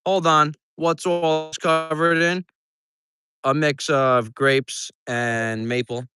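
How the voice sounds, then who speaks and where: A man's voice: a little high, level tone, takes it slowly, pushed and bright, clean tone, dry recording, studio quality. A man who hosts a farm livestream, chatting casually, joking and swearing while he does chores outdoors. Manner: profane, joking and rambling. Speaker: farmer and livestream host.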